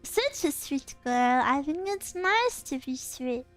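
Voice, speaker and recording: A woman's voice: high-pitched, takes it slowly, faint music behind. A young woman from England chatting casually as a streamer, rambling and giggling as she tells stories. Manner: giggly, rambling, animated storytelling. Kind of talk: casual chat reading viewer comments.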